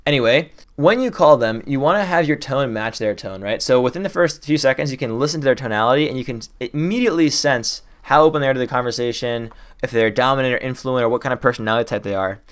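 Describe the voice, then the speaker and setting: A young man teaching cold-calling tips in a casual, excited way, riffing off the top of his head and talking quickly. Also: medium pitch, clean tone. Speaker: sales trainer. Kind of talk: fast casual teaching to camera.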